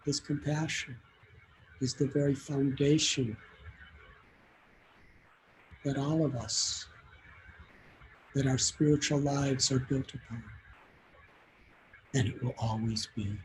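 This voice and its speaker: A man's voice: medium pitch, fairly even intonation, takes it slowly, pauses often, slight background noise, low-quality recording. A man telling a devotional story as a sermon, in an earnest and heartfelt way. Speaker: spiritual teacher giving a talk.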